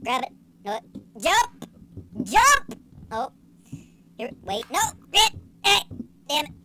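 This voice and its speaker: A young woman giving casual let's-play commentary, excitable and sarcastic, swearing and yelling at the game. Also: high-pitched, slow, heavy background noise. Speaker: gaming channel host.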